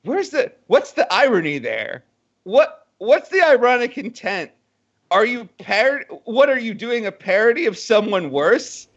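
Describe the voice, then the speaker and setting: Male podcast guest, high lively voice, exasperated, heard over a dull lo-fi mic. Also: unhurried. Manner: animated, exasperated. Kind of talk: casual chat.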